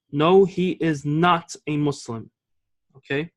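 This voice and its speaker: A man's voice: on the high side, a bit bright. A man teaching an Arabic grammar lesson, explaining patiently and often checking with the class. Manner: reads example lines slowly and clearly.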